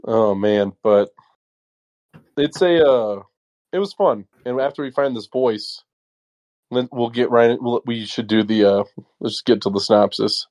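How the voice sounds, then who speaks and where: A man's voice: mid-range voice, a little slow, pauses often, a little mellow. Rambling man co-hosting a podcast. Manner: rambling, restarts often. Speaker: podcast co-host. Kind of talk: casual chat.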